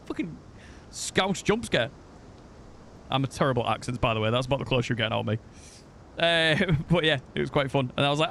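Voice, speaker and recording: A man's voice: a little high, expressive, moderate pace, a bit bright, a little hiss or hum. A man from the UK with a British accent, chatting casually to viewers during a game live stream, rambling, self-deprecating and swearing now and then. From United Kingdom.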